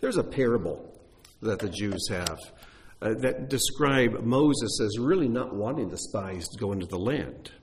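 A man's voice: lowish voice, lively intonation, a little slow, a little mellow. A man teaching on Bible texts, explaining in a conversational way with occasional fillers.

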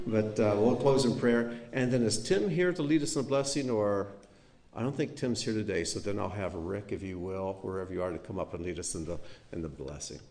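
Low-voiced man, folksy pastor. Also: a little fast, a little mellow, slight background noise. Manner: folksy, chuckling storyteller. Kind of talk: storytelling and prayer in church.

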